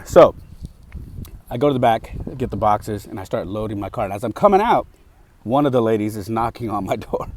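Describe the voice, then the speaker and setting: A man's voice: fairly low pitch, a bit bright, slight background noise. A man hosting a podcast, telling a story in a casual, emphatic monologue full of fillers. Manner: emphatic, heated, with frequent fillers. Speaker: podcast host.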